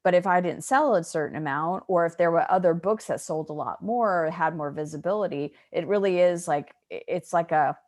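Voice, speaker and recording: A woman's voice: fairly low pitch, a little fast, few pauses, darkish tone, no room sound, studio quality. A middle-aged woman, an author being interviewed, talking in a chatty, upbeat way with many fillers. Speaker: author and guest. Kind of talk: casual interview.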